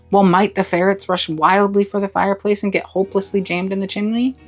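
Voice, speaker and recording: A woman reading a classic novel aloud with expressive narration. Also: low voice, gravelly, low-quality recording. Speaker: storybook reader.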